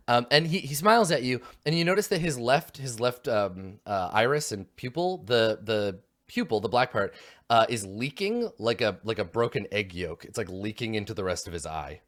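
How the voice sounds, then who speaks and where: A man's voice: on the low side, animated, moderate pace, fairly bright tone. A man narrating a tabletop game as game master, rambling with many fillers.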